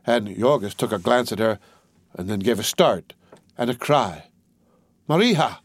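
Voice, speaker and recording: With a lowish voice, a man narrates an audiobook at a steady, measured pace. The recording is dry and studio quality.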